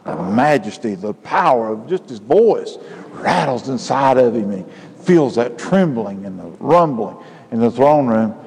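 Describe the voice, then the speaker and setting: Preacher guy, fired up sermon, big echo off the church walls, middle pitch. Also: very animated, a little slow, breathy edge. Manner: impassioned preaching, rising to loud emphatic peaks. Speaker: pastor. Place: church sanctuary. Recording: church hall with long reverb.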